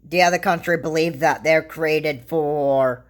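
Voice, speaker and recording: A woman talks through political views in a loose, casual commentary. Her voice sits low and she takes her time, and her thoughts wander and halt, with frequent restarts along the way. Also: fairly even intonation. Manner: rambling, halting, with frequent restarts and fillers. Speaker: vlogger.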